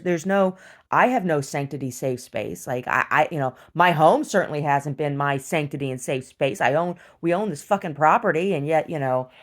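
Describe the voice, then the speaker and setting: Blunt, profane woman with a low voice, venting in a home video diary. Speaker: video diarist. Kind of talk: casual video diary rant. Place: rural property at home.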